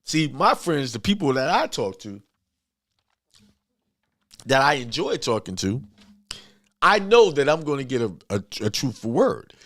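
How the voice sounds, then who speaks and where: A man's voice: medium pitch, sing-song, unhurried, long pauses, fairly bright tone, no room sound. A man giving an informal motivational sermon, talking bluntly and emphatically, often repeating himself. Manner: emphatic, repetitive, talks straight and blunt. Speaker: spiritual speaker.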